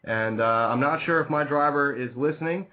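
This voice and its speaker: A man's voice: a little high, fairly quick. A man hosting a radio show, chatting casually and rambling, plugging sponsors and reading out the call-in number. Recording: tinny phone-like lo-fi sound.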